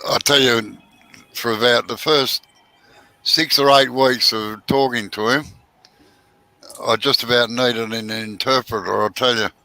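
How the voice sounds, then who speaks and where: A man's voice: mid-range voice, fairly even intonation, measured pace, long pauses, sharp tone, no room sound, low-quality recording. A man chatting in a dry, easygoing way as a visiting friend. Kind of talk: casual chat.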